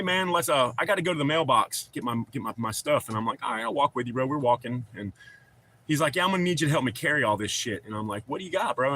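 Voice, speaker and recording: Bright-voiced man rambling on a livestream. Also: medium pitch. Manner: rambling, swears freely, calls viewers brother. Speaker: livestream host. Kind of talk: casual livestream chat, reading chat aloud.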